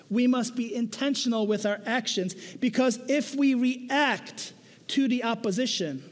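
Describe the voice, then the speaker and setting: A man preaching a sermon, conversational and animated, often checking in with "right?" and telling stories with self-mocking humor. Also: sits high. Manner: conversational, keeps asking "right?". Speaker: pastor. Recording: echoey hall.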